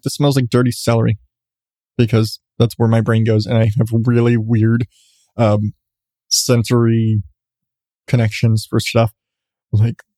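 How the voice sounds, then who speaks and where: A man's voice: medium pitch, darkish tone, no room sound, clean studio sound. A man, host of a podcast, telling a story in a rambling, self-mocking way with frequent restarts. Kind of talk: casual storytelling.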